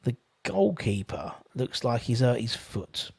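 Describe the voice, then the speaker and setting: A casual man talks through a football match live, reading out viewer comments between bits of play. His voice sits at an ordinary middle pitch. He rambles, jumping between the game and small talk. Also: big pitch swings, a little slow, gravelly, a little mellow, slightly rough. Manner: chatty, rambling, reads viewer comments aloud. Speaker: watchalong host.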